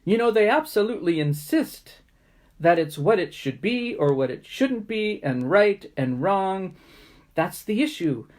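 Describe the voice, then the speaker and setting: A woman's voice: mid-range voice, expressive, unhurried, darkish tone, natural voice. A woman voicing an exasperated little male centipede who groans and pleads with his own feet. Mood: pleading.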